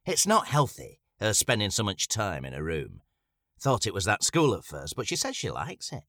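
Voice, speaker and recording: A man's voice: fairly low pitch, wildly swooping pitch, moderate pace, a bit bright, no echo, clean studio sound, exaggerated voice. A man voicing a worried, chatty middle-aged mother.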